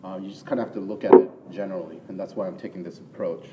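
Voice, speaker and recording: A man's voice: sits low, steady tone, very fast, lo-fi sound, a little hiss or hum. A man preaching a sermon in a conversational way, often checking in with "right?" and rising into emphatic bursts. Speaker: pastor. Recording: long hall reverb, from far off, faint ambience.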